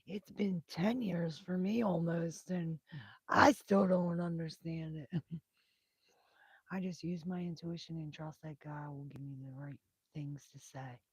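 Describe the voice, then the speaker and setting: A soft-spoken woman reading tarot on a live stream, with a breathy, whispery voice that drifts into whispers and carries lasting damage from intubation. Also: low voice, fairly even intonation, a little slow, dry recording. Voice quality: breathy, whispery, hoarse-edged voice. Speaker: tarot reader.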